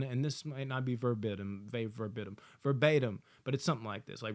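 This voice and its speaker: A man giving a casual, excited movie review, swearing often and acting out lines from the film. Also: medium pitch, fairly quick, few pauses. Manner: excited, profane, acts out quotes.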